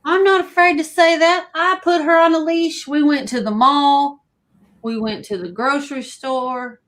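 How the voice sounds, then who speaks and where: High-voiced, slow-talking woman co-host. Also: fairly even intonation, a bit bright. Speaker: co-host of live vintage sale. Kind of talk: casual chat.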